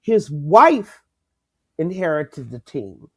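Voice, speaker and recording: An older woman co-hosting a casual sports talk show, lively and emphatic, laughing easily. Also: low voice, slow pace, slightly rough. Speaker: co-host.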